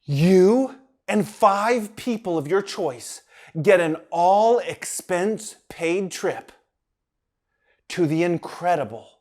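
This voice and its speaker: A man's voice: high voice, animated, slow pace, a little mellow. A man voicing a blunt adult store manager in a storybook tale. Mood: announcing.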